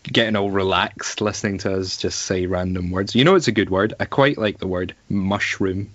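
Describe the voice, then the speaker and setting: Male co-host, lowish voice, dry deadpan wit, close dry lo-fi sound. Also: normal speed, dry recording. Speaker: podcast co-host. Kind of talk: casual chat.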